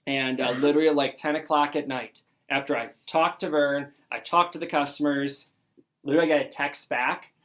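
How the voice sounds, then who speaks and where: A young sales district manager, his voice pitched slightly high for a man, delivers a motivational talk to his team. He speaks a little fast and narrates the story with excitement, voicing each character's lines himself.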